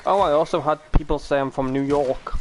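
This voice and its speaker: A man's voice: a little high, brisk, background noise. A British man from the UK chatting casually on a live stream, rambling, swearing and laughing easily.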